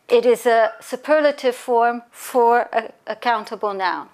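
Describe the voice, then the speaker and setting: A woman with a fairly high voice teaches an English grammar lesson. She gives each point in French and then again in English. She takes her time on the example words. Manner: slows down to spell out example words. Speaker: language teacher.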